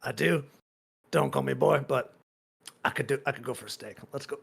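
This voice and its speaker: Gruff little pug barbarian, guy doing the voice, kinda gravelly, blunt. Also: mid-range voice, normal speed, fairly bright tone, full character voice. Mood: grumbling. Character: small muscular pug barbarian, gruff and confused.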